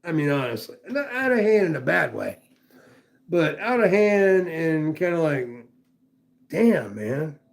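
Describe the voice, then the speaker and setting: A man's voice: on the high side, very animated, unhurried, creaky. A man reviewing knives on a live stream in casual, rambling chat, swearing freely and greeting viewers by name. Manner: rambling, profane, chatty with viewers. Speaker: knife reviewer livestreaming.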